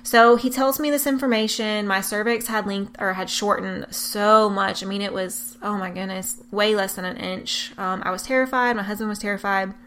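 A young woman telling, with deep emotion and earnest candor, the story of her twins' premature birth. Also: steady tone, moderate pace, few pauses, fairly bright tone, a little hiss or hum. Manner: emotional, tearful at times, earnest. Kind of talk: personal testimony.

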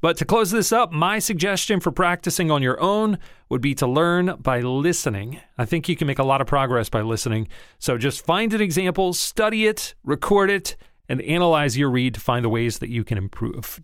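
A man's voice: a little high, animated, normal speed, fairly bright tone, clean tone, no room sound. Dry-voiced man giving a voiceover lesson. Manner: conversational, encouraging, emphatic on key words. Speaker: voiceover coach. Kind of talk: instructional talk to camera.

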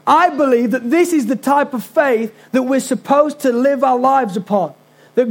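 A man's voice: very high voice, moderate pace, gravelly. A man preaching a sermon as pastor, earnest and conversational, with casual asides to the congregation.

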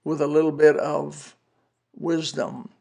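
A man's voice: on the high side, level tone, slow, creaky, darkish tone. A man in his seventies telling a personal testimony on a podcast, earnest and folksy, weaving in scripture quotes. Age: 70s. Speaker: podcast preacher.

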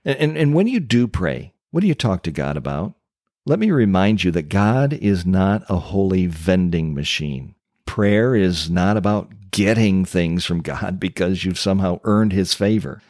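A low-voiced man preaching a sermon, leaning hard on key words and pausing for effect. The sound is close and dry, with no room around it. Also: lively intonation, darkish tone, dry recording. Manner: emphatic preaching with dramatic pauses. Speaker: pastor.

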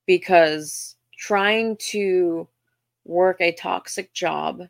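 A young Southern woman talks through her podcast in a loose, self-deprecating way, tripping over her words and filling gaps with ums. Her voice sits a little low, with a gravelly fry running through it. The sound is close and dry, with no room around it. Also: extremely slow, dry recording. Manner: chatty, self-deprecating, frequent restarts and ums. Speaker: podcast host. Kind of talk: casual storytelling monologue.

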